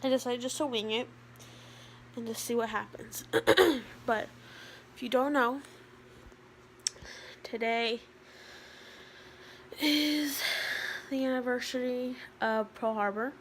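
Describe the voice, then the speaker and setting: Teenage girl, casual vlogger; higher-pitched, rambling delivery full of fillers, faint background hiss. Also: takes it slowly, long pauses. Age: teens. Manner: chatty, rambling, with many fillers. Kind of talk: casual vlog talk.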